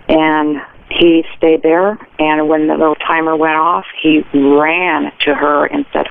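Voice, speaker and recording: A woman's voice: low voice, little pitch movement, normal speed, creaky. Older female caller, chatty storyteller, hissy phone line. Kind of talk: phone-in call. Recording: tinny phone line with faint hiss.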